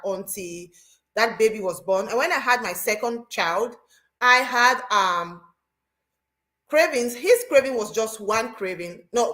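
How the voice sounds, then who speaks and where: A woman with a fairly high voice talks as a show host. She tells her stories animatedly, often repeating phrases for emphasis. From Cameroon. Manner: animated storytelling, repeats herself. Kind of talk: casual chat.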